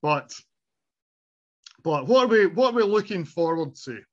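A man's voice: high voice, lively intonation, a little slow, dull audio. A middle-aged man hosting a casual nostalgic podcast chat, reminiscing and laughing often. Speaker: podcast host.

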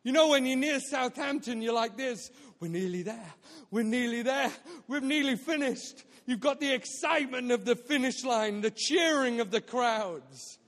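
A man with a high, bright-pitched voice preaches a story-driven sermon, joking and acting out his own quotes with lively energy. He was recorded live in a church hall, and his voice carries a long reverb tail. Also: moderate pace, few pauses. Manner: animated, jokey, acts out quotes. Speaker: guest speaker at a church. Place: church auditorium.

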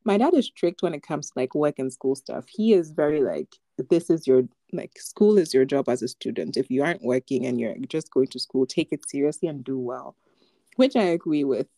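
Young woman, podcast co-host, casual chat, low pitch, dry, story-telling with fillers. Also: animated, normal speed, mellow, no echo. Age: young adult. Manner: chatty storytelling with many fillers and laughs.

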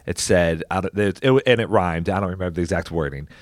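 A man's voice: low voice, quick pace, no room sound, clean studio sound. A man co-hosting a podcast, retelling a movie scene in a casual, laughing manner. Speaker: podcast co-host. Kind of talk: casual chat.

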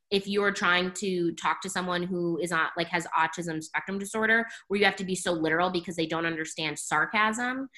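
A woman talking in a casual podcast chat, blunt and animated, saying "like" a lot and swearing freely. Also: medium pitch.

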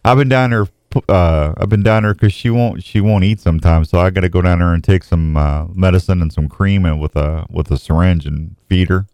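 A man's voice: sits low, fairly quick, hardly any pauses, a little mellow, no echo. A middle-aged man hosting a radio show, talking in a folksy, rambling way. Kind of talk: casual radio talk.

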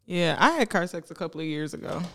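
A woman's voice: fairly low pitch, fast talker. A young woman co-hosting a casual, explicit podcast chat, telling stories with lots of laughter and acting out her friends in quotes. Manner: animated storyteller, voices friends in quotes, laughs often. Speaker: podcast co-host.

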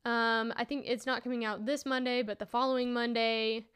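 A woman talks alone into the mic for her podcast in a smooth, resonant voice that sits a little high. Her chat is loose and rambling, full of laughs and restarted sentences. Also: level tone, moderate pace, fairly bright tone. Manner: chatty and rambling, laughing often, restarting thoughts. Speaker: podcast host. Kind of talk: solo casual podcast chat.

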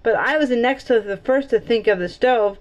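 A woman voicing an eager, excitable young boy in a read-aloud storybook, quick to exclaim. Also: on the high side, lo-fi sound, natural voice.

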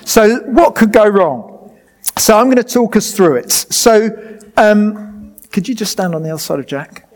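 A man preaching to a live congregation, lively and joking with the crowd as he directs a demonstration. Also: high voice, unhurried.

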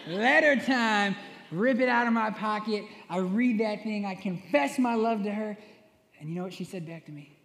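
A man's voice: high-pitched, normal speed, vocal fry, a bit bright. A young man preaching a sermon, telling playful self-mocking stories and often asking "right?". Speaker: worship minister preaching. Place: church sanctuary. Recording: echoey long hall reverb.

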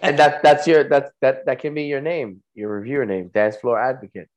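A man's voice: mid-range voice, moderate pace. A man co-hosting a casual podcast, telling stories in a laid-back way and swearing now and then. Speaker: podcast co-host. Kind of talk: casual chat.

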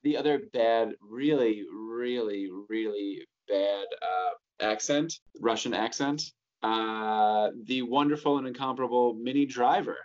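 A man with a mid-pitched voice banters about movies in a casual chat. He teases his co-hosts and wanders while searching for names. The audio is dull and lo-fi. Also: a little slow, hardly any pauses. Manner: teasing, wordy, trails off searching for names. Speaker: podcast co-host.

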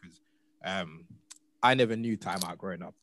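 A young father chatting casually on a podcast, animated and often trailing off quietly. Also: deep voice, moderate pace. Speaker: podcast co-host. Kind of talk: casual chat.

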